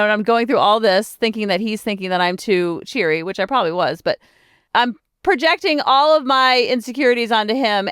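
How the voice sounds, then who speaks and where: Chatty woman podcast host, smooth voice. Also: fairly high pitch, no room sound, studio quality. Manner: chatty, animated storytelling with self-talk. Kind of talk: casual solo podcast talk.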